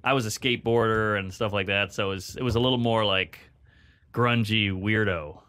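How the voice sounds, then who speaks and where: A man's voice: fairly low pitch, fairly even intonation, bright, forceful tone, clean tone. A middle-aged man, a comedian guest, joking and telling stories in a casual podcast chat. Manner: joking, storytelling with quick put-on voices.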